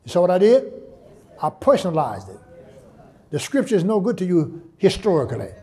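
A man preaching a sermon in church, his voice high and swinging widely in pitch. He repeats his lines for emphasis and climbs into shouted call-and-response with the congregation. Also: huge pitch swings, brisk, husky.

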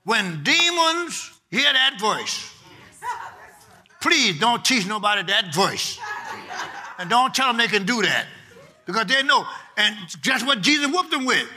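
A man preaching a sermon with fervent, rhythmic repetition and folksy phrasing. He rises to shouted peaks at times. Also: sits high, lively intonation, moderate pace.

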